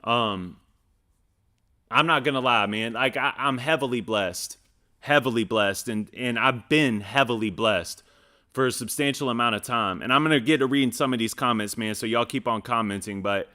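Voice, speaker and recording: A man's voice: mid-range voice, normal speed, pushed and bright. A man in his thirties talking earnestly and casually to his viewers, often restarting his sentences. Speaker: reaction channel host. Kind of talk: casual heartfelt personal talk to viewers.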